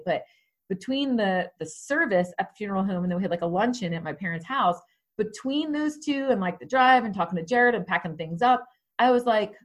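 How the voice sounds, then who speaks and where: Female guest, 40s, chatty storyteller, pace shifts between quick and slow. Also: mid-range voice. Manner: conversational, many fillers, speeds up and slows down. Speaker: podcast guest. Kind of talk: candid personal storytelling.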